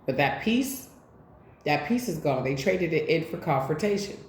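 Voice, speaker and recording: A woman's voice: low voice, lively intonation, normal speed, slight background noise. A woman giving a casual tarot reading, speaking bluntly with plenty of swearing, straight to her viewers. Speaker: tarot reader. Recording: echoey room.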